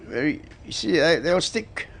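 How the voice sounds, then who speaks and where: A man's voice: fairly high pitch, expressive, moderate pace, vocal fry, fairly bright tone. A man co-hosting a radio show, chatting casually in brief, hesitant remarks. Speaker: radio co-host. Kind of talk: casual chat.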